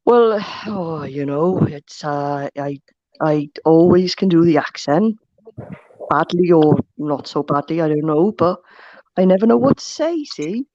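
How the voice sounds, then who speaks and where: A woman's voice: sits low, animated, unhurried, dark tone, no echo, lo-fi sound. A woman chatting on a live online call, swearing and mocking herself in easygoing banter. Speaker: live panel guest. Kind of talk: casual chat.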